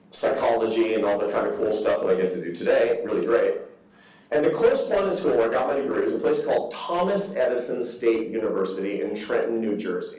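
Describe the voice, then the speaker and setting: A man in his fifties giving a public lecture, telling stories with lively asides and mock voices. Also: fairly low pitch. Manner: animated storytelling with asides. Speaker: guest speaker. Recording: echoey hall from far off.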